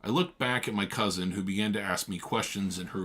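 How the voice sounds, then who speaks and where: A man reading a novel aloud in a casual read-along, stopping for chatty, animated asides. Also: fairly low pitch, brisk, hardly any pauses, a little hiss or hum. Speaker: reader and teacher.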